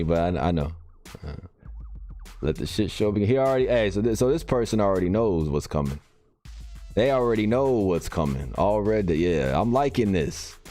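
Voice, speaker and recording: A man's voice: low-pitched, dark tone. A man hosting a live game stream, chatting casually and reacting to viewer comments as he reads them aloud.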